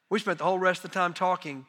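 A middle-aged man preaching as a missionary, telling folksy, self-deprecating stories in an animated way. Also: sits high. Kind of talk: sermon storytelling. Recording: long reverb of a large hall.

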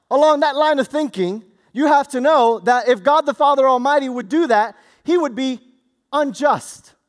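A man preaching a sermon, swinging from loud, excited delivery to hushed, low passages. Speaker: pastor.

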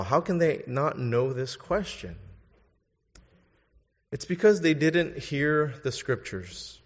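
A man's voice: mid-range voice, animated, slow pace. A man preaching a sermon, asking his listeners pointed questions and urging them to think. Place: church. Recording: dull sound in a reverberant hall.

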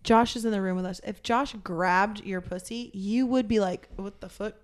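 A woman's voice: mid-range voice, moderate pace. A young woman in casual chat, blunt and swearing freely, acting out what she and others said.

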